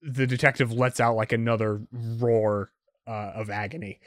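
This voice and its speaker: A man's voice: medium pitch, little pitch movement, moderate pace, dry recording. Man running a tabletop game, rambling, lots of fillers, dry close sound. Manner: rambling, full of fillers and restarts. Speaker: game master.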